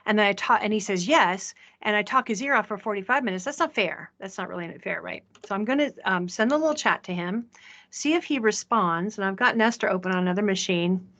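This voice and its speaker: A woman presenting a software demo in a chatty way, often checking in with the audience. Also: mid-range voice, lively intonation, fast talker. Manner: chatty, asks "right?" often. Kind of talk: live software demo talk.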